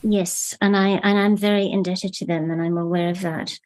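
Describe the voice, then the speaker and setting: Thoughtful woman novelist, low-pitched. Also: steady tone, darkish tone. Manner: thoughtful, measured, searching for words. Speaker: novelist guest. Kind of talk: reflective interview conversation.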